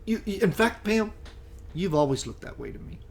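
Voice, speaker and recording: A man hosting a radio talk show, asking questions in a quick, staccato, effusive way. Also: high voice, very animated. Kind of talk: interview chat.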